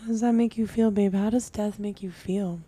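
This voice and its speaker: Woman, mellow mid-pitched voice, chatty and interjecting, casual conversation. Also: fairly even intonation, normal speed. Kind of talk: casual chat.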